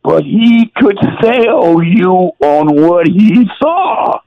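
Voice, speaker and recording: Tearful ex-player guest, high and lively, slow-spoken, dull lo-fi line. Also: male voice, no room sound. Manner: emotional, tearful, exclamatory with "geez". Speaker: former football player, guest. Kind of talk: emotional radio interview storytelling.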